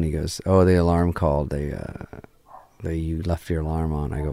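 At a normal pace, a middle-aged man with an extremely low, gravelly voice full of vocal fry spins a tale as a guest in casual conversation. He's profane and lively, playing out what each person in the story said.

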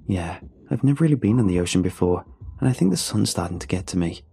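A man voicing a dazed, seasick young man who speaks softly and hesitantly in a spoken story. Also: low voice, animated, fast talker, creaky, breathy edge, full character voice. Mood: weary. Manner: soft, hesitant, half-whispered.

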